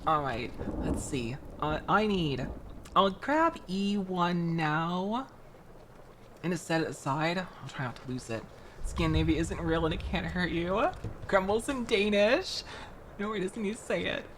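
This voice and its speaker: A young woman from Florida chats on her livestream while assembling a model kit at home. Her talk is animated and full of laughs and restarts. Her voice sits a bit low yet swings widely in pitch, over a faint background hiss. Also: measured pace. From Florida, United States. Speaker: streamer.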